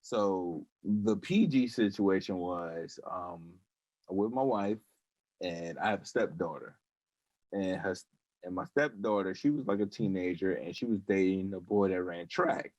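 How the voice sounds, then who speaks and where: A man's voice: deep voice, measured pace, darkish tone, dry recording, lo-fi sound. Dry-sounding podcast host, a man. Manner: loose, slangy storytelling, asks others in turn. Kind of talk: casual chat.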